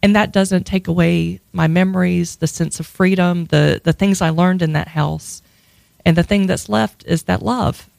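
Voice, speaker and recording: Woman, Southern US accent, gravelly, reflective storyteller, dry close sound. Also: lowish voice, steady tone, normal speed, darkish tone, dry recording. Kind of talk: personal storytelling on a podcast.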